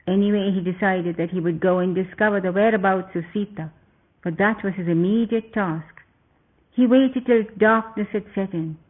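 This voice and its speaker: High-voiced man reading a story. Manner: steady, descriptive reading with occasional slips. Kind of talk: storybook narration. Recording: tinny phone-like sound.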